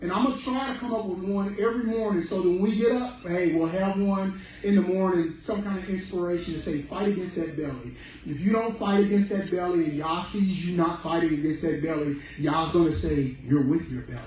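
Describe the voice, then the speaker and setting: A man giving a lively sermon-style talk on health, preaching with spirit and acting out little dialogues. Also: high-pitched, brisk, hardly any pauses, slight background noise. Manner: preachy and animated, acts out voices. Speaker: speaker on fruitarian health. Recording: very echoey room, from far off.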